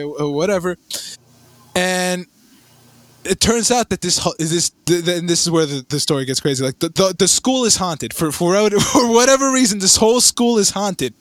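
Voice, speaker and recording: A young man telling a rambling story in casual chat, animated and swearing, with lots of fillers and restarts. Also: sits high, no echo.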